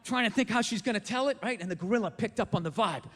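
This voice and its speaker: Performing live for an audience, a man with a high, somewhat bright, quick voice tears through a profane comedy rant and voices the characters himself. Long reverb and faint noise come from the venue.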